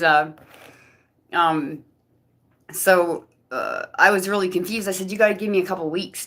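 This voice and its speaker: A woman's voice: on the low side, a bit bright. A woman telling a rambling personal story to camera, with many restarts and quoted voices. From Canada. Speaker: vlogger giving personal testimony. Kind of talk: rambling personal testimony monologue.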